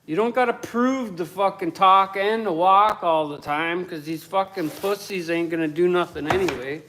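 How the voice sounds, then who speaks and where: Swearing nonstop, this woodworker livestreams from his home workshop and rants combatively at his chat while building. His male voice is high-pitched and sharp at a normal speed, with a slight hiss or hum.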